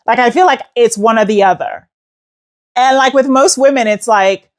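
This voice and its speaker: A woman's voice: on the high side, moderate pace. Sassy New York woman with a hint of British. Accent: American with a slight British tinge. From New York City. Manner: sassy, joking, animated storytelling. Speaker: host. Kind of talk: casual chatty voice note.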